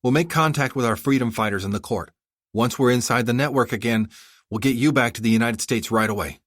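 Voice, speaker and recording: A man voicing a young Iranian princess, earnest and commanding, with a Minnesotan accent, soft and reassuring. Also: mid-range voice, brisk, dry recording, studio quality, pitched above the performer's own voice, lightly acted. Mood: determined.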